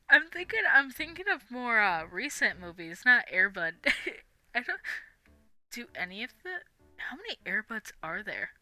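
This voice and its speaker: A woman's voice: a little high, very animated, a little slow, bright, forceful tone, no room sound, faint music behind. A young woman live-streaming, chatting casually in a rambling, giggly way with lots of fillers. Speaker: livestream host.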